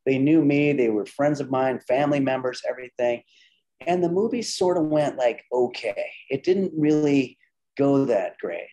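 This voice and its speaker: A middle-aged man, a comedian and filmmaker, tells animated anecdotes in a casual interview, acting out the dialogue of the people in his stories and often restarting his sentences. His voice is medium-pitched and moderately paced, and the audio quality is poor.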